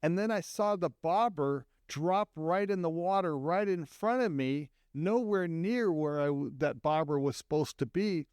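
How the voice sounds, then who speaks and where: Calm middle-aged man co-host. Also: a little high, a little slow, hardly any pauses, clean tone, no room sound, studio quality. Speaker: co-host, therapist. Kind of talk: casual storytelling chat.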